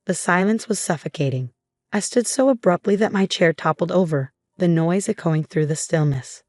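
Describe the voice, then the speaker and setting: A young woman narrating a first-person story in an even, measured way. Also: lowish voice, dry recording, clean studio sound. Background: faint music.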